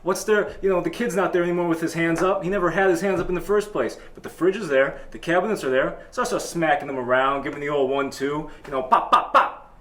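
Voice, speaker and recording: A man's voice: fairly high pitch, fast talker, few pauses, a little hiss or hum. Boastful male talk-show host, echoey room. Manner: deadpan, boastful tall-tale telling. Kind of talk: comedic storytelling.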